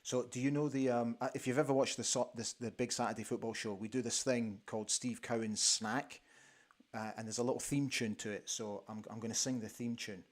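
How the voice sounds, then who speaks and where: A man hosting a live football watch-along show from a studio, excitable and exclaiming, often repeating himself as he reacts to the match. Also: medium pitch, a little fast. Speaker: host.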